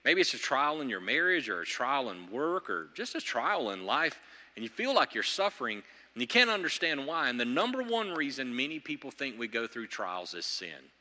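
A man preaching a sermon as pastor, animated, swinging from loud and high to low and quiet. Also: normal speed. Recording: long hall reverb.

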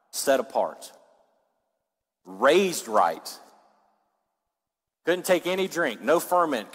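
A man preaching a sermon as pastor, swinging from loud rising passages down to low, quiet ones. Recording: long reverb of a large hall.

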